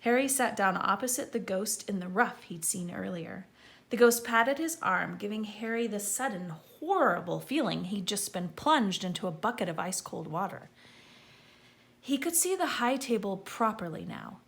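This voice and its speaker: A woman's voice: mid-range voice, moderate pace, creaky. A woman reading a children's story aloud, calling out names with gusto. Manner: lively, calling out names loudly. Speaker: audiobook reader.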